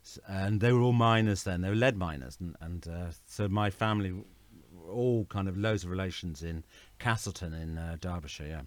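A man's voice: sits low, normal speed, few pauses, dry recording. A middle-aged man from England, a guest in casual conversation, rambling and correcting himself as he tells stories. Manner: rambling, self-correcting storyteller.

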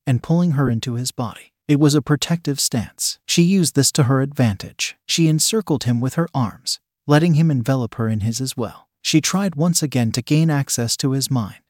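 A male narrator reads a story aloud in a steady, even way. His pitch sits in the middle range, and the recording is close and dry, with no room echo. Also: moderate pace, few pauses. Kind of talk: scripted narration.

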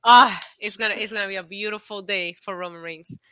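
A woman's voice: medium pitch, fairly even intonation, brisk, sharp tone, smooth, no room sound. A woman co-hosting a casual wrestling chat, emphatic and mocking, repeating her punchlines. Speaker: co-host.

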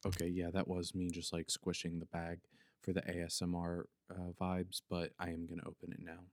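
A man's voice: deep voice, monotone, normal speed, a little mellow, a little hiss or hum. A man with a Philadelphia accent hosting a casual solo podcast, rambling and joking as he mushes his consonants together. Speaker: podcast host. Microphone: podcast microphone.

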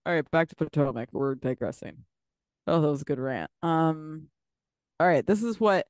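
A woman co-hosts a podcast in a gushing, filler-heavy way. Her voice sits a little low for a woman. The sound is dry and close to the mic. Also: normal speed, a little mellow, no room sound. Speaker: podcast co-host. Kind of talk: casual chat.

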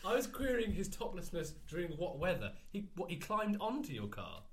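A man hosting a casual chat, teasing his co-host with quick quips and giggles. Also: high voice, huge pitch swings, husky. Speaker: podcast host.

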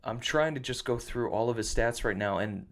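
A man's voice: medium pitch, moderate pace, a little hiss or hum. Podcast co-host, male, casual chat, steers the talk and reads off numbers. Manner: leads the segments, reads out stats.

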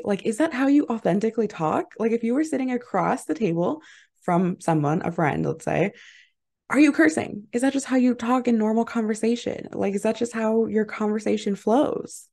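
A woman's voice: mid-range voice, animated, normal speed, vocal fry, darkish tone. A woman hosting her own podcast, talking casually and encouragingly, full of "like" and "right?" fillers. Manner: chatty, filler-heavy, lots of "like" and "right?"; upbeat and encouraging, laughs easily. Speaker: podcast host and mindset mentor. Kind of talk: casual motivational monologue.

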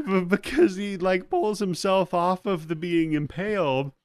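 In a clean studio with no echo, a male podcast host recaps a movie scene by scene, swearing and laughing throughout. His voice is high, expressive and clear with a resonant tone, and he keeps a measured pace through the play-by-play.

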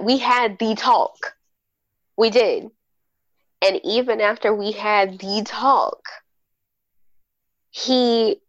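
A woman appearing as a podcast guest tells a personal story candidly and with animation, voicing the quoted dialogue in casual storytelling chat. Her pitch is fairly low; there's no room sound and the highs are cut off.

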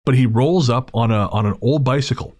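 A man's voice: mid-range voice, fairly quick, a little mellow, no room sound, studio quality. A man hosting a podcast, telling a story in a casual, wry and digressive way, with frequent restarts. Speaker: podcast host.

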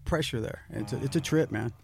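A man's voice: mid-range voice, a little fast, vocal fry, darkish tone, slightly rough. A man casually chatting on a podcast, laid-back, swearing a lot and ending lines with "man". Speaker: podcast co-host. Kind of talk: casual chat.

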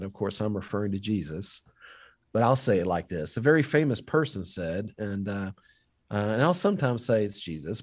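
A man who teaches history, telling faith stories in an interview with lively, animated delivery. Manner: animated storyteller, rising pitch when quoting others. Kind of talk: storytelling in a faith podcast interview.

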